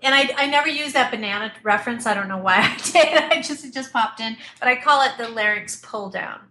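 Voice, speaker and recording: A woman vocal coach explaining technique in a remote interview, animated and chatty, with frequent fillers and restarts. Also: fairly high pitch, a little fast, noisy background. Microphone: desktop computer mic at a distance.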